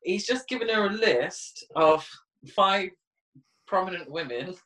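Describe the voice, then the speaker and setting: A woman's voice: on the low side, animated, measured pace, a bit bright. Incredulous joking woman, echoey room. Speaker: podcast co-host. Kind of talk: casual film recap chat. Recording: echoey room, distant from mic.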